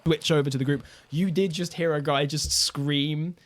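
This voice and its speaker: A man's voice: on the high side, fairly even intonation, moderate pace. A man narrating a tabletop game as game master, rambling and full of fillers. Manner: rambling, lots of "like".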